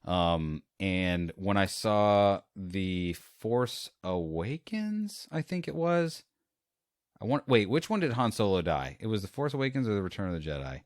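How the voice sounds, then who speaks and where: A man with a fairly low voice hosts a casual podcast, spinning animated anecdotes and slipping into little acted-out bits. The sound is dry and close, with no room around it. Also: measured pace, dry recording. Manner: animated storyteller, acts out scenes. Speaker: podcast host.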